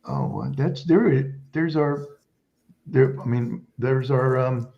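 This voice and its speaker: A man's voice: mid-range voice, very animated, takes it slowly. Old guy in his 70s telling war stories, rambly, kinda dull lo-fi sound. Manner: rambling storyteller, restarts often. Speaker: guest, Vietnam veteran and author. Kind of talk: casual interview chat.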